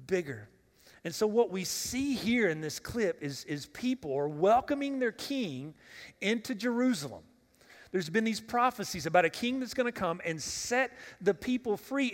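A pastor with a fairly high voice gives a relaxed, conversational sermon. He speaks directly to the congregation, putting questions to them and repeating words as he restarts a thought. The sound rings with the long reverb of a church hall. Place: church sanctuary.

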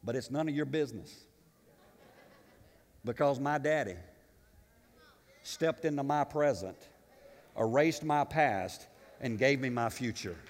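A male pastor preaching an impassioned sermon, swinging between loud declarations and quiet, confiding asides. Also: mid-range voice, unhurried, pauses often. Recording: long reverb of a church sanctuary.

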